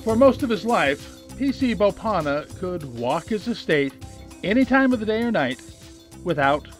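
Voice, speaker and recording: A man narrating a documentary as reporter, measured and explanatory, sometimes asking questions on location. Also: high-pitched, big pitch swings. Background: music.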